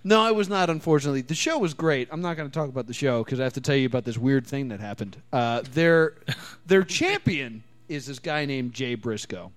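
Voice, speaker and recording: A man's voice: medium pitch, fairly quick. A man hosting a podcast, telling stories in casual chat and laughing often. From New Jersey. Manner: animated storyteller, laughs often. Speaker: podcast host.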